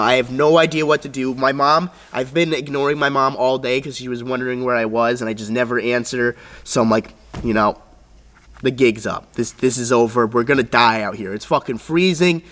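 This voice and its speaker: A young man vlogging, telling a story in a casual, animated, profane way and acting out the voices of others. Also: medium pitch, in a large hall.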